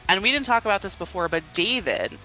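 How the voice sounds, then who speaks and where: Retelling horror film scenes on the podcast she co-hosts, this woman giggles a lot and acts out quotes in lively, casual chat. She speaks fast at medium pitch, over faint background music, and the recording quality is low.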